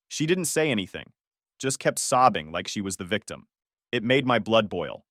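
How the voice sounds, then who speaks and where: An expressive male narrator recounting a family drama in the first person, his pitch swinging widely as he tells it. The recording is dry and close, with no room around the voice. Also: normal speed, dry recording. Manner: emotional, with angry outbursts in quoted lines.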